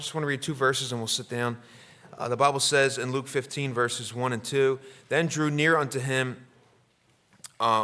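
A man's voice: medium pitch, fairly bright tone. A male pastor preaching a sermon and praying, earnest, with frequent fillers and restarts.

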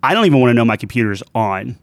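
A man's voice: medium pitch, animated, rapid-fire, no echo. A man co-hosting a podcast, rambling and hesitant in casual chat, speaking into a studio microphone. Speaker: podcast co-host. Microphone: studio dynamic microphone.

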